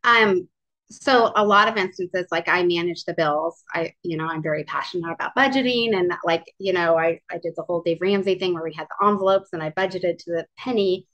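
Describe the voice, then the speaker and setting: A woman's voice: lowish voice, a little fast, a bit bright. Earnest young woman, dull lo-fi sound. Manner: earnest, many fillers and restarts. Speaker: guest. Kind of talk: casual interview, personal story.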